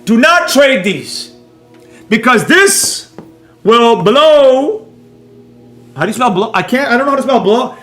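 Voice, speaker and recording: A man's voice: very high voice, very animated, measured pace, long pauses, fairly bright tone, reverberant. A man teaching a live trading class in a brash, mocking, rambling way, with faint music behind. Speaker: trading instructor.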